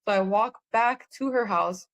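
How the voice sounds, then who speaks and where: A woman's voice: medium pitch, moderate pace. Earnest woman telling a personal story. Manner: earnest, rambling storytelling with many fillers. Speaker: podcast guest. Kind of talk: personal testimony in conversation.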